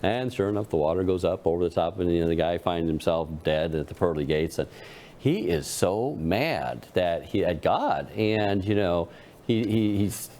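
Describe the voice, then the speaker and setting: A man's voice: low voice, animated, moderate pace, mellow. A man co-hosting a panel talk, telling a folksy joke and acting out its characters. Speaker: co-host. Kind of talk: casual panel talk with storytelling.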